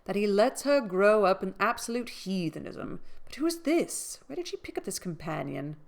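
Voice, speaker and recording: A woman voicing a pompous, self-righteous older gentleman who blusters indignantly while reading a story aloud. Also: medium pitch, very animated, moderate pace, creaky.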